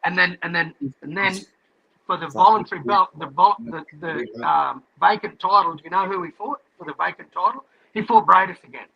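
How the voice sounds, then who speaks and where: A man with a gravelly, husky voice on a boxing panel, speaking emphatically and repeating his lines. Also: sits high, fairly quick, lo-fi sound, a little hiss or hum. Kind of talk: heated panel debate.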